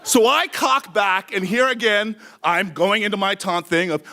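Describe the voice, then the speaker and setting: Guy telling a story on stage, pretty high voice, really animated, acts out the yelling bits. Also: moderate pace, few pauses. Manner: animated, acts out shouted quotes.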